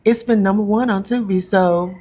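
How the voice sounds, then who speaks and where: A woman from North Carolina, a guest talking casually in an interview, with many ums and pauses. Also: medium pitch, steady tone, dark tone. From North Carolina, USA. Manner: chatty, frequent ums and pauses. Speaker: actress and comedian guest.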